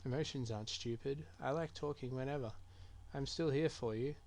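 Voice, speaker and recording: A man's voice: mid-range voice, fairly quick, darkish tone. A man streaming a game playthrough, muttering and reading chat messages aloud as he reacts. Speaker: gaming streamer. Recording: keyboard typing clearly heard. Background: keyboard clicks and typing.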